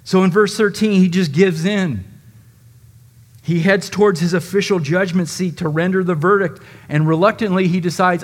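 A man preaching a sermon, dramatically acting out quoted lines with shifting loudness. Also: high voice, steady tone, normal speed. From United States. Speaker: pastor.

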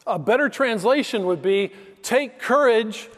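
High-voiced man preaching in a hall. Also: animated, unhurried, a bit bright. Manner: storytelling, emphatic, conversational preaching. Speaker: pastor. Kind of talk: sermon.

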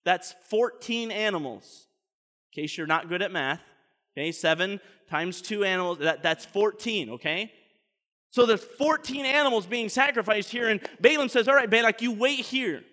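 Bright-voiced, animated preacher in an echoing church. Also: male voice, sits high, moderate pace. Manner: animated storyteller, repeats words when excited. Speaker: pastor. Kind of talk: sermon.

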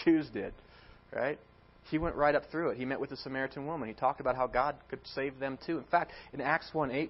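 A man preaching a sermon in an animated way, acting out quoted words as he tells the story. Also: medium pitch, muffled recording.

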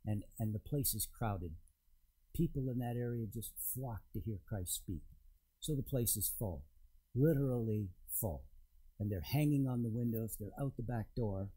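Husky, dark-voiced male preacher. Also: medium pitch, low-quality recording. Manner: storytelling, conversational with emphatic pauses. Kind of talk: sermon. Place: church in front of a congregation.

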